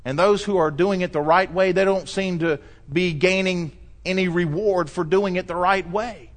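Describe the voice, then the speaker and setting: A middle-aged man pastor delivering a sermon, preaching emphatically and rising to loud cries when he quotes scripture. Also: sits high, steady tone, moderate pace.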